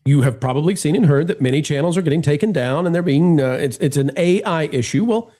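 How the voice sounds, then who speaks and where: A man hosts a live stream in a loose, joking way and talks straight to his audience. His fairly high voice swoops up and down with a lot of expression. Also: fast. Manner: animated, joking, addresses viewers directly. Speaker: livestream host. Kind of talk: casual live-stream chat.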